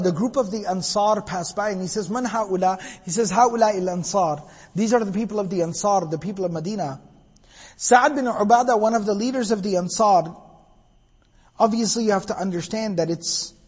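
A man's voice: high voice, a little mellow, breathy edge, big-room sound. A man preaching a sermon, retelling a story with quoted dialogue and explaining each part. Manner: retells dialogue, switches between Arabic and English.

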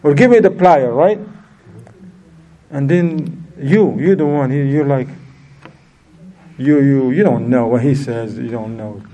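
A man's voice: mid-range voice, takes it slowly, pauses often, warm tone. A man giving an informal religious lesson in a chatty way, asking his listeners questions as he goes. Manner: chatty, asks the audience questions. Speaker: religious teacher. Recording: distant from the mic.

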